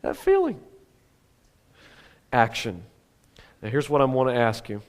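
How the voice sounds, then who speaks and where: A man preaching a sermon as pastor, animated, swinging between loud exclamations and hushed asides. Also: mid-range voice, a little slow. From Oklahoma. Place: church sanctuary.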